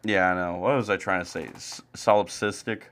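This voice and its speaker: A young man rants through a casual sports podcast, swearing freely and veering from loud outbursts to low, deflated mutters. His voice has a bright, sharp edge. He talks like a fed-up friend on a home mic. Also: fairly even intonation, a little fast, smooth. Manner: angry, profane, swings from loud ranting to low mutters. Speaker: podcast co-host. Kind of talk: profane ranting sports podcast chat. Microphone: home streaming mic.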